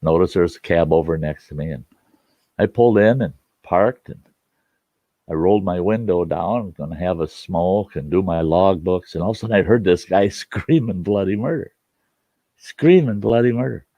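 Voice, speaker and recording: A man's voice: low-pitched, normal speed, dark tone, no echo. A man telling a folksy story in a rambling, casual way, hosting his own show and often restarting his sentences. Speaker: storyteller host.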